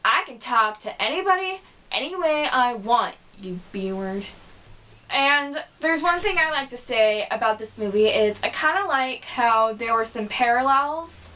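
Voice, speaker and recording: A woman's voice: on the high side, fairly bright tone, rough recording. A woman giving a casual, chatty movie review on her vlog, filling her talk with "like" and acting out the characters. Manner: chatty, lots of "like", acts out the characters.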